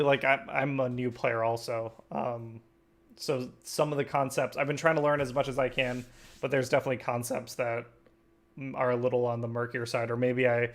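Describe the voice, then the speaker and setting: A man's voice: mid-range voice, gravelly. Agreeable young man chatting about cards. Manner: agreeable, uses many fillers and backchannels. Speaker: host. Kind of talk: casual chat about a card game.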